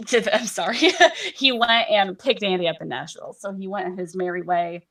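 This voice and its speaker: A woman's voice: mid-range voice, moderate pace, a bit bright, recorded from a distance. A woman being interviewed, recounting events in a rambling casual way with frequent restarts and swearing.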